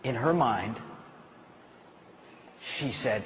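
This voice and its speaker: A man giving a live motivational talk, telling a story with animated delivery. He drops low and quiet for the key points. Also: slow pace, long pauses, a little hiss or hum. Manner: animated storytelling, climbing to emphatic shouting. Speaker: motivational speaker.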